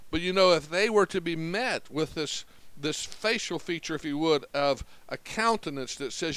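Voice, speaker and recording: Earnest preacher, smooth close voice. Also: male voice, fairly high pitch, lively intonation, moderate pace, a bit bright, no echo, poor audio. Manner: earnest, conversational Bible teaching with acted-out quotes. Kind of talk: sermon.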